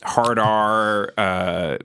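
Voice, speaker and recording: A man's voice: lowish voice, steady tone, drawn-out words, bright, forceful tone, clean tone. A man hosting a comedy podcast, teasing his guest in a dry, casual way. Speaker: podcast host.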